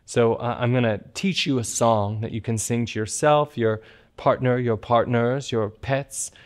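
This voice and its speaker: A man's voice: mid-range voice, steady tone, unhurried. A man hosting a cabaret livestream, joking campily and turning earnest. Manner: campy, joking, then earnest. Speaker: cabaret host.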